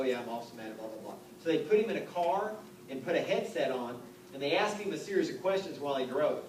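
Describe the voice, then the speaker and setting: A man's voice: mid-range voice, a little mellow. A man in his fifties, a real estate coach giving a live seminar talk to an audience, conversational and joking, full of rhetorical questions. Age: 50s. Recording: echoey room, distant mic, noticeable background noise.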